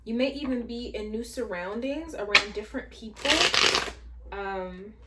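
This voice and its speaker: A woman's voice: a little high, moderate pace, heavy background noise. A woman chatting her way through a tarot reading, thinking aloud with many fillers and asides. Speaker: tarot reader. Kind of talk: casual spiritual tarot reading.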